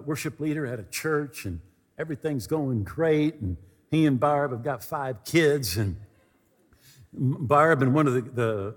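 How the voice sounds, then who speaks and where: A man preaching a storytelling sermon from a podium, animated and repetitive, moving between comic and earnest. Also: mid-range voice. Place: church hall at a podium. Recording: reverberant hall.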